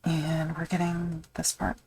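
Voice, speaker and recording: A woman with a low voice talks loosely as she works on a leather project during a live stream. She thinks aloud, wanders off on tangents and makes light fun of herself. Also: monotone, a little slow, creaky, darkish tone, slight background noise, low-quality recording. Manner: rambling, self-deprecating, thinks aloud with fillers. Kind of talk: casual chat while crafting on a live stream.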